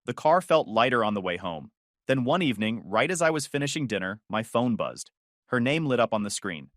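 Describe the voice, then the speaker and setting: A man narrating a first-person story in a calm, detached, dryly sarcastic manner. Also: medium pitch, brisk, no room sound, clean studio sound.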